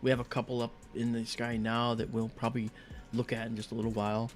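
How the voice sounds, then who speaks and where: The host of a live astronomy stream talks quickly in a medium-pitched voice with a completely flat delivery, soft background music behind him. His casual chat is rambling and friendly, heavy on fillers, and he greets viewers by name.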